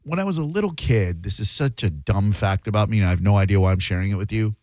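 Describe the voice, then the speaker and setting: A man's voice: on the low side, lively intonation, fast, a little mellow, no room sound. A man hosting a radio talk show, chatting casually with sarcastic asides. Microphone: studio microphone.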